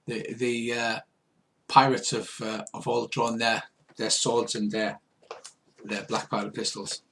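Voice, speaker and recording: A man narrating as game master for a casual tabletop game among friends, in a relaxed, loose way. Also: medium pitch, unhurried, noisy background. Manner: relaxed, slips into gruff pirate voices.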